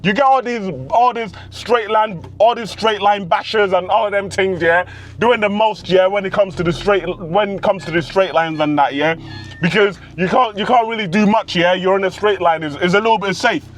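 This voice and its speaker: A brash young man, full of street slang, boasts about his driving from inside a car. His voice sits high and is wearing hoarse. The engine and road rumble loudly beneath him. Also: moderate pace. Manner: boastful, loud bursts of hype, street slang. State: losing his voice. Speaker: car vlogger. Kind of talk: excited in-car commentary. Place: inside a car on country roads. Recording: car noise behind the voice.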